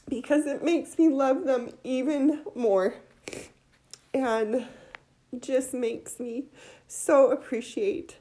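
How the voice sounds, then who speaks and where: Emotional woman near tears sharing a testimony, kinda high voice, slow. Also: mellow. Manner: tearful, heartfelt, halting.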